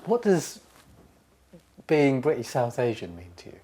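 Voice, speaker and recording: A man's voice: mid-range voice, very animated, unhurried, dark tone. Man asking brief encouraging interview questions.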